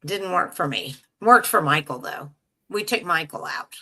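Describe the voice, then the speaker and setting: Bright-voiced woman co-hosting a call. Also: on the low side, expressive, moderate pace. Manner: chatty, relays questions from viewers. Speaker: co-host. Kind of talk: casual chat over a video call. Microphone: video call.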